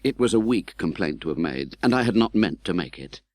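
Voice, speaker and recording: A man reading an audiobook in scripted narration, expressive and dramatic, voicing the young hero's pleas. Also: low voice, fairly quick, no room sound.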